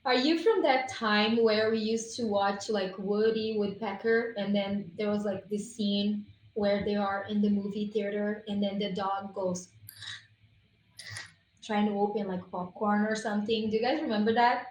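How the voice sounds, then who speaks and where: A woman's voice: mid-range voice, fairly even intonation, a little slow, slight background noise. A woman giving an enthusiastic, chatty product talk on a live stream over a video call. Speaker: guest presenter on essential oils. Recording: roomy echo, faint room ambience.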